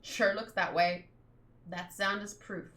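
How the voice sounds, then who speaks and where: A woman voicing a gruff middle-aged male adventurer in a manga read-along, speaking low, slow and heartfelt. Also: fairly even intonation, fairly bright tone. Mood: moved, solemn.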